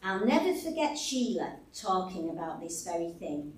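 A woman preaching a sermon in a church hall, slow and deliberate, warmly expressive. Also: fairly low pitch, far from the mic. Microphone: stage microphone.

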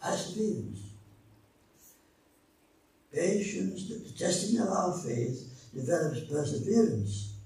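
An older man preaching a sermon and telling a story from his own life, slow and dramatic, with his pitch and loudness swinging widely. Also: animated. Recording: echoey hall, speaker far from mic, faint noise.

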